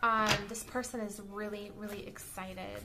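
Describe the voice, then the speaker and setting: A woman's voice: mid-range voice, steady tone, normal speed, noisy background. A woman giving a casual tarot card reading, chatty and blunt, who keeps checking in with "okay?" and "all right?". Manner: blunt, with the odd swear word. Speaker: tarot reader.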